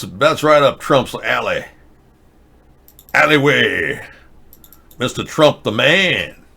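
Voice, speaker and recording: A man's voice: medium pitch, creaky, a bit bright, breathy edge. A man hosting a show, ranting sarcastically in casual political commentary. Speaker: host.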